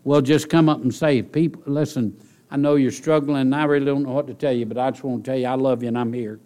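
A man's voice: mid-range voice, fairly even intonation, fast. Male preacher for a sermon, conversational asides, builds to emphatic peaks. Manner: earnest, builds from quiet musing to raised emphatic preaching; conversational asides, direct questions to the congregation.

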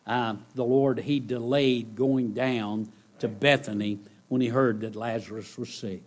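During a church service, a male preacher addresses the congregation with a mid-range, steady voice and a measured pace. He keeps circling back to his key phrases, alternating between booming outbursts and quiet, hushed lines.

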